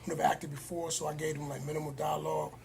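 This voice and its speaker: A man, a filmmaker guest, talking in a casual podcast conversation, animated and acting out quoted lines. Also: fairly high pitch, fast talker, gravelly, a crowd in the background. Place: cigar lounge.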